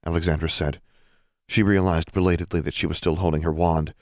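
A male audiobook narrator with a very deep, low voice, reading a fantasy chapter in a measured, even way. The sound is dry and close, with no room around it. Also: no room sound. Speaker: podcast narrator.

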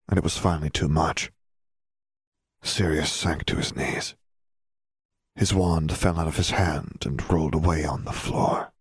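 A man reading a fan fiction story aloud in slow, hushed dramatic narration. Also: low-pitched, breathy edge, no room sound, clean studio sound. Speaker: audiobook narrator.

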